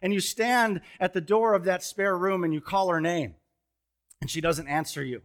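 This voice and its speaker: A man in his thirties preaches from a church stage in a fairly high voice. He tells stories with a joking touch and breaks into sudden loud bursts. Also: normal speed. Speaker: pastor. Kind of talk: sermon with storytelling. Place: church stage before a congregation.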